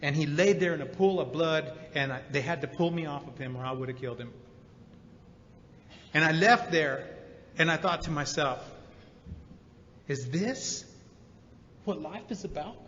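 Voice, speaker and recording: A man tells his recovery story to a convention with emotional emphasis, in a bright, fairly high voice. His voice carries long reverb from a large hall. The sound is dull, with faint ambience behind it. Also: normal speed, a little hiss or hum. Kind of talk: personal testimony talk.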